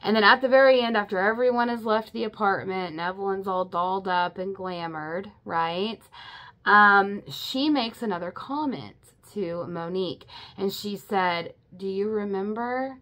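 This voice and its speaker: A woman's voice: mid-range voice, moderate pace, a bit bright. Chatty, emotional woman recapping a book. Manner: chatty and emotional, many "you know" and "like" fillers. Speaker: book reviewer. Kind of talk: casual spoken book recap.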